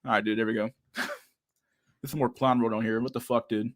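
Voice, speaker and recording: A man's voice: mid-range voice, fairly even intonation, moderate pace. Guy ranting on his podcast, swears nonstop, says dude a lot, laughs a lot. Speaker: podcast host. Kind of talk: casual ranting chat.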